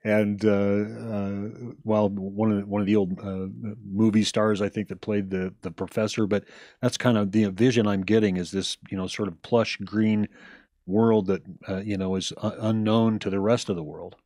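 A male podcast host with a low, mellow voice reacts to his guest, searching for words in halting phrases. The recording is dry and close. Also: flat delivery, dry recording. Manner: halting, many fillers and restarts. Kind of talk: podcast interview.

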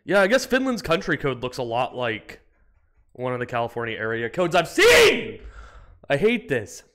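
An American man streaming a geography game, excitable, yelping and swearing, then muttering to himself. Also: mid-range voice, moderate pace. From United States. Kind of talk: live-stream gameplay commentary.

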